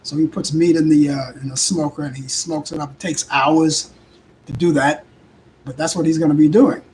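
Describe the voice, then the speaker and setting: A hoarse older man with a Brooklyn accent, hosting a live talk show in rambling casual chat with halting restarts. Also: on the high side, steady tone, darkish tone, a little hiss or hum, poor audio. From Brooklyn, New York. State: hoarse, voice worn out. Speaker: host.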